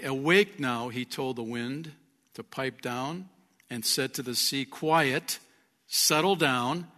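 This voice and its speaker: A man's voice: medium pitch, vocal fry, bright, forceful tone. A man preaching a sermon as pastor, earnest, rising and falling in volume. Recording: long reverb of a large hall.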